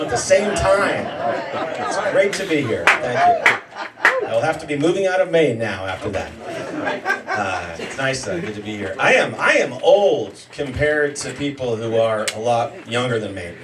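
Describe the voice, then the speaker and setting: A man in his forties doing a self-deprecating stand-up comedy set, yelling during some bits. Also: medium pitch, huge pitch swings, normal speed, a loud crowd. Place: comedy show in a homemade bar. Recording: roomy, mic heard from a distance, noisy room.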